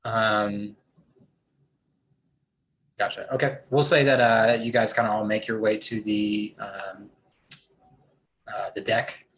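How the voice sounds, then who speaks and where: Man, lowish voice, hesitant game master narrating the scene. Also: flat delivery, takes it slowly, pauses often, fairly bright tone, poor audio. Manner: hesitant, many ums.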